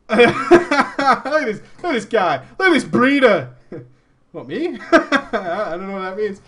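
High-voiced man reading a story with jokes. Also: big pitch swings, slow, fairly bright tone. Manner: laughs often, mocking asides. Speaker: streamer. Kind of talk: reading a story aloud with commentary.

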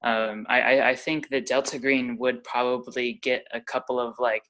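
An excitable player in a tabletop role-playing game. The talk rambles, with lots of fillers, between in-character and out-of-character remarks. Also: medium pitch, normal speed. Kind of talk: casual tabletop role-play.

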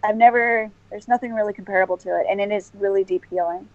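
A woman's voice: medium pitch, steady tone, quick pace, no echo. Earnest rambling woman guest, dry lo-fi sound. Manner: earnest, rambling, many restarts and fillers. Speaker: podcast guest. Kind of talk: casual interview chat.

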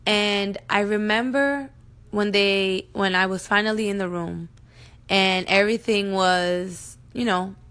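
A woman's voice: medium pitch, steady tone, measured pace, fairly bright tone, smooth. A woman in her thirties telling her own birth story to her viewers, emotional and earnest, speaking to them directly. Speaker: mom vlogger. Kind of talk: personal storytelling to camera.

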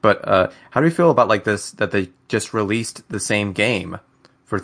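Chill guy hosting a game podcast, lowish voice, tosses questions to the panel. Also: animated, moderate pace, vocal fry, a bit bright. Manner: laid-back, asks the panel questions. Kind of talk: casual chat.

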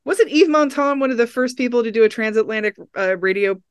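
Rambling, excited podcast film reviewer. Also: medium pitch, a little fast, clear, resonant tone, no echo, clean studio sound. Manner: rambling and enthusiastic, with many restarts. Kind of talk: casual film discussion.

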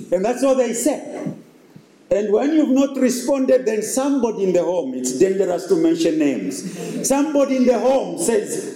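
Male preacher, high and mellow, echoey room with faint ambience. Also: animated, normal speed, crowd noise. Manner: emphatic, repetitive preaching with rhetorical questions. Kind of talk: sermon.

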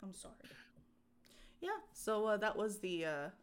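A woman co-hosting a podcast, chatting casually and telling an animated story with fillers and laughs. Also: medium pitch, measured pace, smooth. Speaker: podcast co-host. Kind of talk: casual chat.

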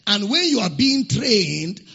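A high, bright, gravelly-voiced man preaches with big swings in pitch, hammering his points home by repeating short phrases. His voice is very husky. The dull, lo-fi recording carries a long reverb from the hall. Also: sing-song, takes it slowly. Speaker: pastor. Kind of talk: sermon.

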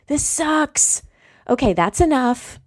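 A woman's voice: sits high, animated, takes it slowly, dry recording, voice pushed up. A woman voicing her own brain as a whiny, scared inner voice that pleads to quit. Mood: whining. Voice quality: whining, pleading.

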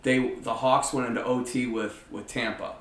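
A man's voice: mid-range voice, fairly even intonation, moderate pace, a bit bright. A man telling a rowdy story in casual, profane chat. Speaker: podcast host. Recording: echoey room.

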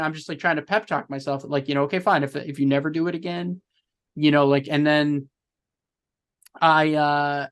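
A young man with a voice pitched a little high tells his career story in a candid interview. He rambles and restarts often, with lots of fillers, and he sounds earnest and openly emotional. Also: fairly even intonation, normal speed, a bit bright. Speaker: podcast guest, film journalist.

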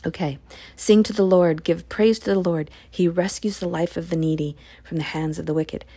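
A woman reading scripture aloud and explaining it in a casual, expressive way, sometimes dropping into a hushed whisper. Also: lowish voice, moderate pace, slightly rough. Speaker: Bible study podcaster. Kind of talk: casual Bible reading with commentary.

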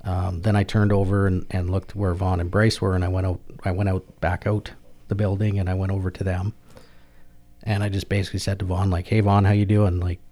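A middle-aged man, a military veteran telling a personal story in an interview, halting and plain-spoken, often repeating and restarting words. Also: low voice, little pitch movement, dark tone. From Canada.

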